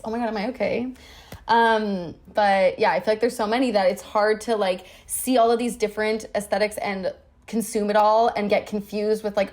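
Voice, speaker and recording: A woman's voice: medium pitch, fairly even intonation, fairly quick, darkish tone. Chatty young woman podcast guest. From Canada. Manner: chatty, upbeat, heavy use of "like". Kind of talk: casual chat.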